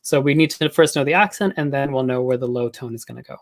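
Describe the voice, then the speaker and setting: A man gives an academic talk on linguistics in a relaxed, conversational way. His voice sits at a middling pitch, and he often pauses on filler words and restarts his phrases as he explains. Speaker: linguistics lecturer.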